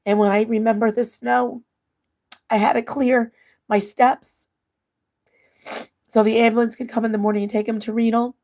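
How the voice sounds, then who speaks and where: A middle-aged woman hosts a casual livestream and reads viewer comments aloud, answering them one by one. She laughs and cries at the same time as she talks. Her voice is a little high, with a gravelly, creaky edge. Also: level tone, moderate pace, long pauses, darkish tone. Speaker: livestream host reading chat. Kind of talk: casual emotional livestream chat.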